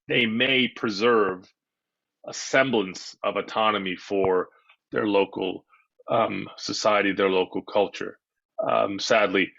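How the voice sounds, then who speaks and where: A man lecturing as a history professor, measured, with frequent ums and uhs and repeated words. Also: lowish voice, a bit bright, no echo, highs cut off. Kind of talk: lecture to a live audience.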